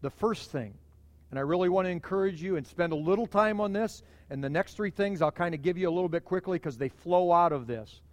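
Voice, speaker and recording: High-voiced man preaching in reverberant church. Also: brisk. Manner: conversational preaching, animated emphasis. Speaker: pastor. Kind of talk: sermon.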